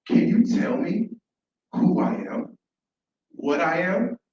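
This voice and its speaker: A man's voice: sits high, takes it slowly, a little mellow, slight background noise. A man voicing a small newborn creature that asks earnest, puzzled questions about who it is. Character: curious little creature, a pair of eyes. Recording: echoey, dull, from far off.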